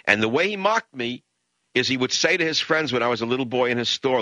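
An older man from the Bronx, hosting a radio talk show in an impassioned, emphatic monologue that swings into high, mocking rants. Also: animated, quick pace, bright, forceful tone, dry recording. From the Bronx, New York.

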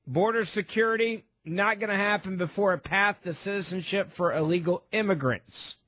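Emphatic high-voiced male radio host. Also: normal speed, bright, forceful tone, no room sound. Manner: emphatic, sarcastic, opinionated. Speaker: fill-in talk radio host. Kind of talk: call-in talk radio.

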